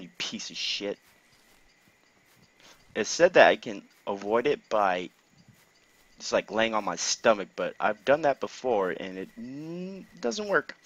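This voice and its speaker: A man commentating his own gameplay casually, excitable, laughing and swearing often. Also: lowish voice, measured pace, pauses often, dull audio.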